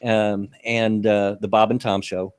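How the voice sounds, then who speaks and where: A man's voice: fairly low pitch, flat delivery, measured pace, clear, resonant tone, dry recording, studio quality. An older American man with a Southern accent, chatting folksily on a streamed show and chuckling often. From United States. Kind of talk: casual podcast chat.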